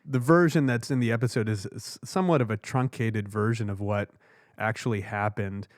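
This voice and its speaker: A man's voice: lowish voice, steady tone, normal speed, no room sound, studio quality. A man co-hosting a podcast, asking questions in a conversational way. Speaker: podcast co-host and documentary director. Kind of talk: interview questions.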